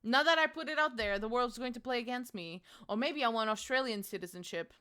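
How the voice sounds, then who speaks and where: Young woman, streamer, casual playful chat, swears freely, high voice, smooth and clear. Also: animated, moderate pace, sharp tone.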